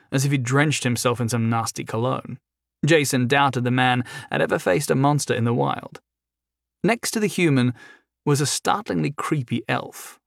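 A man narrating an audiobook in an even, measured reading. His voice sits at a middle pitch. The sound is dry and close. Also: creaky, no echo.

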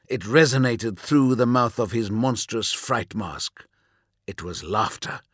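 A man narrating an audiobook in measured, dramatic storytelling. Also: mid-range voice, a bit bright, no echo, studio quality. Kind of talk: scripted narration.

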